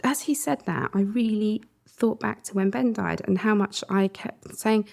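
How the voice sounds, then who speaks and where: A middle-aged woman co-hosting a podcast, talking in an earnest, conversational way and laughing softly between thoughts. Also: medium pitch, moderate pace, vocal fry, hardly any pauses. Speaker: podcast co-host. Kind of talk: reflective podcast chat.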